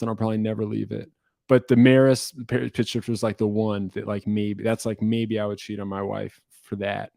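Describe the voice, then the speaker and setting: Recorded through a computer webcam setup in an indoor room, this man answers viewer questions for his music YouTube channel, wandering off-topic, interrupting himself dryly and coughing occasionally. He has a lowish, somewhat mellow voice with vocal fry. The sound is dry and of studio quality.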